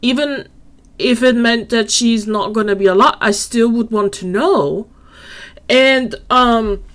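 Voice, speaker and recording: Sarcastic woman reacting to a clip. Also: on the high side. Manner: sarcastic, skeptical. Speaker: reaction commentator. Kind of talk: reaction commentary.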